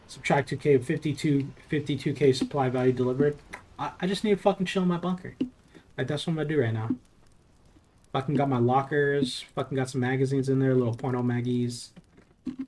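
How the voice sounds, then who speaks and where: A man's voice: medium pitch, warm tone, a little hiss or hum. A young man from Southern California streaming a game, chatting casually in a loose, profane, rambling way. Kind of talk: casual live-stream chat while playing.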